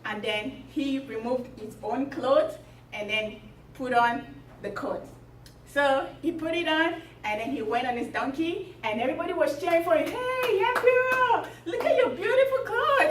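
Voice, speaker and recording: A woman retelling a fairy tale to a group, chatty and lively with many fillers. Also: sits high, slight background noise. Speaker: storyteller. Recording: echoey room from far off.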